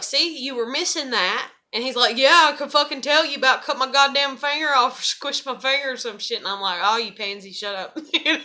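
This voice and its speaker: A woman's voice: fairly high pitch, bright, forceful tone. A young woman chatting in a loose, rambling vlog, swearing constantly. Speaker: vlogger. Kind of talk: rambling casual vlog chat.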